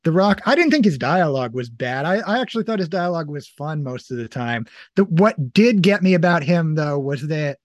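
A man's voice: on the high side, very animated, fairly quick, hardly any pauses, dry recording, lo-fi sound. A man hosting a movie podcast, chatting casually and rambling with lots of filler words. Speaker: podcast host. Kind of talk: casual movie review chat.

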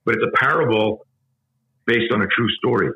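Deep-voiced man telling an intense story. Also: normal speed, pushed and bright, dull audio, slight background noise. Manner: emphatic, profane, vivid storyteller. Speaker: guest, self-defense instructor. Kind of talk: intense storytelling in a podcast interview.

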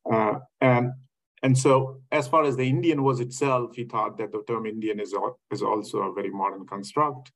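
A man's voice: medium pitch, fairly even intonation, normal speed, a bit bright, low-quality recording. A man speaking as an academic in a reflective lecture style, hesitant, with many fillers and restarts.

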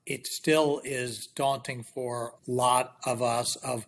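A man's voice: medium pitch, level tone, takes it slowly. A man hosting a podcast interview, reacting with enthusiasm and easy laughter before moving to the next question. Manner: enthusiastic, laughs easily, conversational. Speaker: podcast host. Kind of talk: interview conversation.

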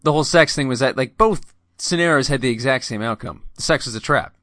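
Casting note: bright-toned man, frank and opinionated, casual banter, dry close sound. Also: mid-range voice, fast talker, no room sound. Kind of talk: casual group chat.

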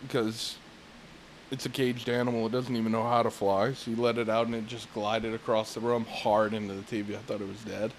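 A man's voice: fairly low pitch, flat delivery, brisk, slight background noise. A man co-hosting a casual podcast, ranting with constant swearing. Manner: profane ranting, frequent swearing. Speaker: podcast co-host.

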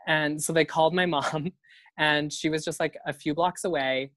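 A man's voice: on the high side, steady tone, normal speed, a bit bright, no echo. Chatty young man telling a wild story. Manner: chatty, swears freely, laughs often. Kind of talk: casual storytelling.

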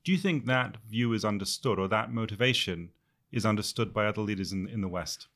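A man's voice: lowish voice, a little fast, a bit bright. A man hosting a podcast, asking an interview question in a probing way. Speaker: podcast host.

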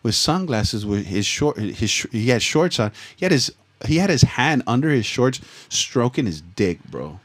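A man's voice: medium pitch, sing-song, moderate pace, few pauses. A young man from Southern California, telling a rambling, profane story in casual chat full of slang and restarts. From Los Angeles, USA.

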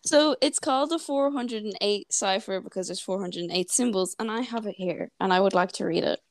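A woman's voice: mid-range voice, brisk. Chatty young Irish woman on a call. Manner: chatty, laughs often, stumbles over words. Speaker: podcast co-host. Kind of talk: casual chat. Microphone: remote call.

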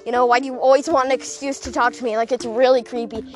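High-voiced chatty young woman vlogging. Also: fairly even intonation, fast talker. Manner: chatty and gossipy, constant "like" fillers, laughing asides. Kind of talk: casual storytime vlog. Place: outdoors, walking.

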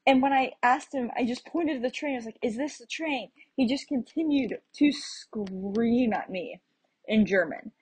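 Chatty young woman with a husky voice. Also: a little high, normal speed, darkish tone, rough recording. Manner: chatty, laughs often while telling stories. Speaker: travel vlogger. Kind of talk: casual chat.

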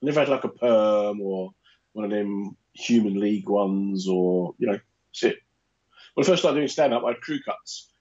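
A man's voice: lowish voice, moderate pace, darkish tone, highs cut off. A man co-hosting a podcast in casual chat, with a dry, teasing, wry manner. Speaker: podcast co-host.

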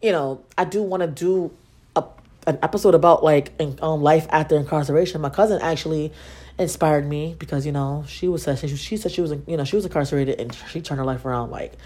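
A woman's voice: sits low, fairly quick, darkish tone. A young adult woman hosting a podcast, telling stories in a casual, sarcastic, profane way and acting out the dialogue. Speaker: podcast host. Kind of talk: casual storytelling monologue.

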